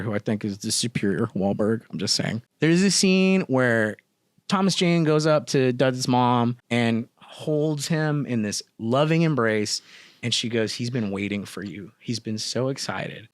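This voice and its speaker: A man's voice: mid-range voice, dry recording, clean studio sound. A young man co-hosting a horror podcast, chatting casually, rambling emotionally and swearing. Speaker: podcast co-host. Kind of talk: casual chat.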